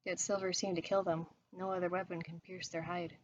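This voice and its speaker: A woman narrating a horror story in a steady, even reading voice. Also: lowish voice, brisk, muffled recording, a little hiss or hum. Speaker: story reader.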